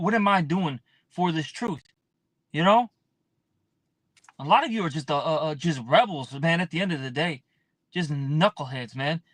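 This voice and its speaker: High-voiced blunt man preaching. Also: fairly bright tone, no echo. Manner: blunt, profane, drawn-out, fills with "man". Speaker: scripture teacher. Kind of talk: casual preaching with scripture reading.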